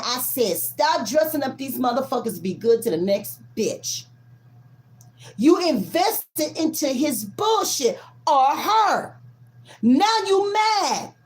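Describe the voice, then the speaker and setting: Woman tarot reader, high and lively-pitched, blunt and profane, leans hard on stressed words. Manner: emphatic, drawn-out stresses. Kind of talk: casual collective tarot reading.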